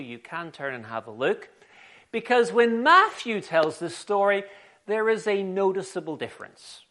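A man preaching a sermon in an animated, conversational storytelling way. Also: high-pitched.

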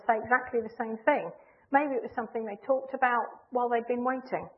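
A woman delivers a sermon in a fairly high voice. She speaks in an earnest, measured way and presses hard on the key phrases. The sound comes through thin and tinny, like a phone line. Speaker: preacher.

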